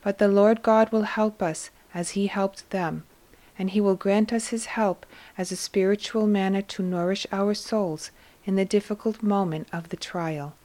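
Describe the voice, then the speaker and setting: A woman reading the part of Jesus as a gentle grown man comforting his mother, in a calm, tender, measured voice. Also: medium pitch, lightly acted.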